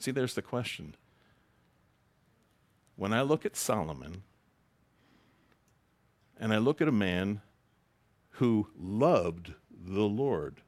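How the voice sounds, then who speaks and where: A man preaching a sermon in a conversational, joking way, reading scripture aloud to a congregation. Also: on the low side. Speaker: pastor.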